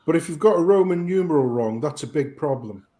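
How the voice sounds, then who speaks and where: A British man in casual chat, ranting and swearing as he tells a story. His voice sits a bit high and jumps around. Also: fairly quick. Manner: profane ranting, animated storytelling. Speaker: chat show guest.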